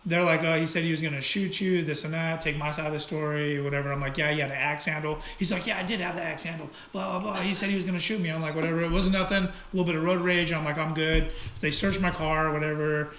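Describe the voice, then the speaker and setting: A man in casual chat, telling a heated story in an animated, profane way. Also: on the high side, quick pace, hardly any pauses. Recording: echoey room, faint noise.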